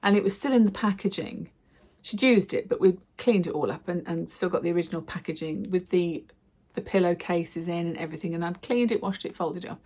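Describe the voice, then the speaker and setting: A middle-aged woman, chatting to camera in a casual vlog and telling stories with lively acted quotes. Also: lowish voice, fairly quick. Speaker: lifestyle vlogger.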